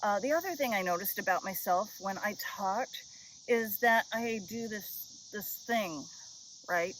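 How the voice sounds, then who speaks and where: A woman with a mid-range, fairly bright voice speaks a little slowly in a rambling, self-deprecating vlog, filmed on a head-mounted action camera on a river island. Insects and nature sounds surround her, and the poor audio has some hiss or hum.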